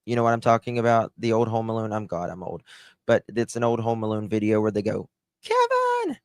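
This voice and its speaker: A man's voice: lowish voice, fairly even intonation, fast, a little mellow, clear, resonant tone, dry recording, studio quality. A middle-aged man giving casual true-crime commentary to a live chat, blunt and sarcastic, brushing off claims he finds weak.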